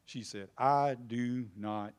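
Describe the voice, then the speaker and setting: A man pastor preaching a lively sermon in church, calling out to people in the congregation by name and rising to loud shouts. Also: mid-range voice, takes it slowly, smooth.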